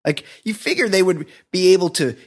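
A man's voice: high voice, animated, brisk. A man hosting a casual podcast, recapping a film's plot in a rambling way, laughing often and acting out quoted lines. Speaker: podcast host. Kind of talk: casual movie review chat.

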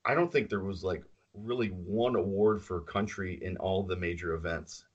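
Laughing, opinionated low-voiced man. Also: moderate pace, husky, lo-fi sound. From central New York. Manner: laughs often, rambling and opinionated. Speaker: podcast co-host. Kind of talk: casual chat.

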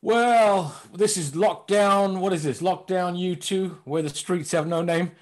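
A comedian guest chatting playfully over a video call, rambling and laughing often. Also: male voice, high voice, measured pace. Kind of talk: casual comedic chat.

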